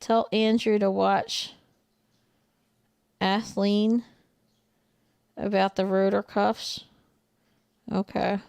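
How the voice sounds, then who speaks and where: Blunt gravelly woman trucker with a Jersey accent. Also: mid-range voice, level tone, very slow, long pauses, darkish tone, no echo, studio quality. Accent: New Jersey. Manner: blunt, outspoken, laughs often. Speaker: truck driver and trainer. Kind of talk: casual livestream chat reading viewer comments.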